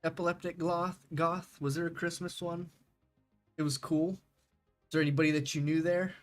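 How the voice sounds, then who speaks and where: Young male streamer, slightly high voice, loose rambling chat, faint music underneath. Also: little pitch movement, moderate pace. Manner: rambling, laughing, swears freely. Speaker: game streamer. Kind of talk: casual stream chat with viewers.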